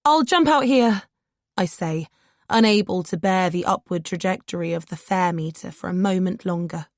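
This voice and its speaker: A woman narrating an audiobook in the first person, measured and steady. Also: fairly low pitch, no room sound, clean studio sound.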